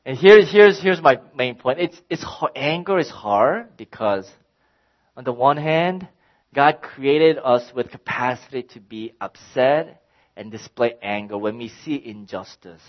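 Through a muffled recording comes a middle-aged pastor, mid-range in voice and a little slow. His sermon includes a personal story told with animation, playing up his own exasperation.

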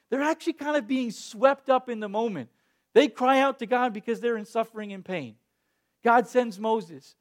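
A man preaching a sermon, reading scripture and then retelling it in a lively way, acting out the quoted voices. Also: very high voice, normal speed. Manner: animated, acts out quoted voices. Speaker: pastor.

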